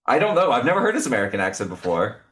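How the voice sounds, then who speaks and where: A young man chatting casually as a podcast guest, opinionated and quick to laugh. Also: medium pitch, very animated, fairly bright tone. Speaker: podcast guest, cube designer. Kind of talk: casual chat.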